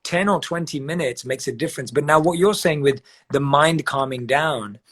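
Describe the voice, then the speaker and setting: Husky man calmly explaining meditation. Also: on the high side. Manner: measured, uses step-by-step examples and repetition. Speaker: guest speaker on meditation. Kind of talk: calm explanatory advice on a live video chat. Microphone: video call.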